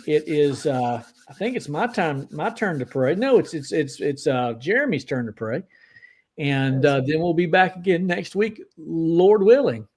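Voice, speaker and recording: A man's voice: a little high, animated, moderate pace, darkish tone. A man co-hosting a casual live stream, upbeat as he reads out viewer comments and gives short opinions. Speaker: podcast co-host.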